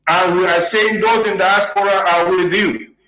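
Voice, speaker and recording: A man with a high voice hosts a radio broadcast, thanking listeners and building rhetorical points through repetition. He uses fillers as he goes. His voice rings in an echoey room. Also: fairly even intonation, normal speed, bright, forceful tone. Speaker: radio host. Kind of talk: broadcast host commentary.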